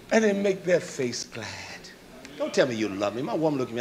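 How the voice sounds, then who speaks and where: Emphatic preacher man, high lively voice. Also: brisk, a little hiss or hum. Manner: emphatic, rising to shouts and dropping to soft asides. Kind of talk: sermon.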